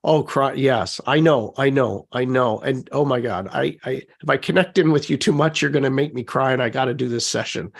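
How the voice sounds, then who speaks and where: A man leading a guided live online session, gently coaxing his listeners, repeating prompts and reading out their chat comments. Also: medium pitch, fairly quick, creaky, hardly any pauses, husky. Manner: reads out chat comments warmly. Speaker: session facilitator.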